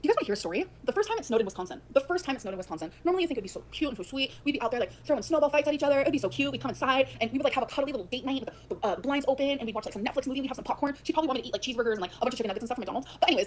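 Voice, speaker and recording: A woman livestreamer venting about a relationship in rapid, emphatic storytelling that repeats its lines. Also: high-pitched, lively intonation, a little hiss or hum.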